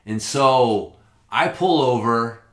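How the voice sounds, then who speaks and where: A man casually tells a long story on a podcast, rambling and swearing often as an animated storyteller. His voice is medium-pitched and slow-paced, recorded in an echoey room.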